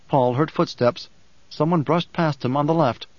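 A man reading an audiobook in a measured, steady narration. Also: fairly high pitch, no echo. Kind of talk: scripted narration. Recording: dull, dry audiobook recording.

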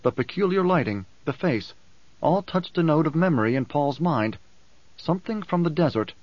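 A man's voice: medium pitch, dry recording, dull audio. Man narrating an audiobook, dry close sound. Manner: even, measured reading. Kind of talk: scripted narration.

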